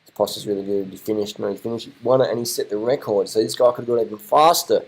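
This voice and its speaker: A man's voice: fairly low pitch, fast talker, husky, poor audio. A man giving casual, rambling commentary over race footage, swearing and repeating himself as he watches.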